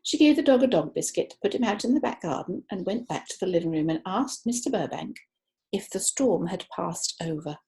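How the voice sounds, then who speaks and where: A woman narrating a children's book, expressive and stretching words for effect. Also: medium pitch, brisk. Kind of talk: children's audiobook reading.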